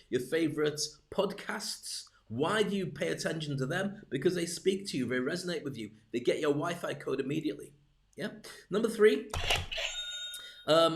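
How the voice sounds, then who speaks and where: A man coaching viewers through a live-streamed business talk, his voice sitting a little higher than most men's. He is lively and full of jokes, talking straight to the camera as if to a friend.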